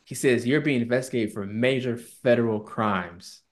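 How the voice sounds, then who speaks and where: A co-host on a casual podcast spins an animated story, slipping into put-on voices to quote the people in it. He talks at a moderate pace with a medium-pitched voice.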